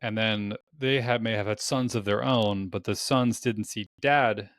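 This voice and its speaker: A young man hosts a podcast in a lowish voice, thinking out loud in a loose, rambling way that leans heavily on "like." The sound is dry and close, with no room around him. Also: steady tone, unhurried, dry recording. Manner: casual and rambling, heavy use of "like". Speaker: podcast host. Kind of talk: conversational podcast interview.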